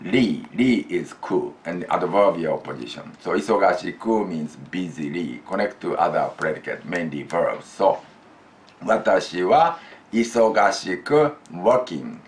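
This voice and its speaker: Guy teaching grammar, real slow, lots of ups and downs, low voice. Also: expressive. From Japan. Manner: slow, deliberate explaining, prompts students to repeat. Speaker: language teacher. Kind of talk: classroom grammar lesson.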